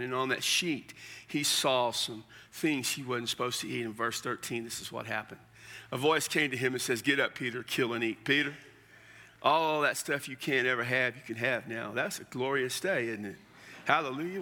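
A man's voice: mid-range voice, bright, forceful tone, long reverb tail. A man preaching a sermon in a folksy, conversational way, with asides and restarts. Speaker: pastor.

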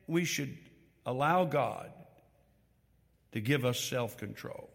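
Animated preacher in a reverberant church. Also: male voice, mid-range voice, slow pace, vocal fry, long pauses. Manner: animated, reads scripture aloud with emphatic stress; asks the congregation questions directly. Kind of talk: sermon. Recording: long hall reverb.

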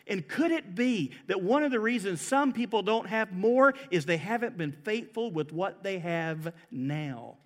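A man with a high voice preaches from the pulpit. He talks earnestly to his congregation, swelling to emphatic peaks and then falling back to a softer tone. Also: animated, unhurried, hardly any pauses. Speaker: pastor. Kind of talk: sermon.

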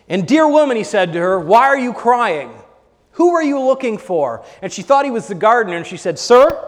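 A man preaching a sermon, acting out the story as he goes and swinging between bold exclaiming and a hushed near-whisper. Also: high voice. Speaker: pastor. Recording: long hall reverb.

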